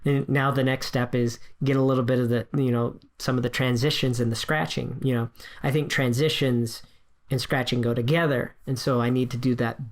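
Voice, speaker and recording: Speaking briskly at medium pitch with a level tone, this man from the United States chats energetically on a podcast about his wedding DJ work. His casual talk is candid and self-mocking, with frequent restarts.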